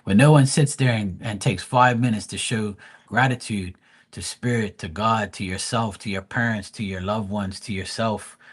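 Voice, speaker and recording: A man's voice: fairly low pitch, moderate pace, slightly rough. A man from Bermuda hosting a live tarot stream, ranting bluntly and profanely in casual chat.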